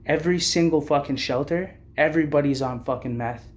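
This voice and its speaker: A Canadian man vlogs about having been homeless, his testimony angry, blunt and packed with curse words. His voice runs on the high side and a little fast, and the room sounds spacious.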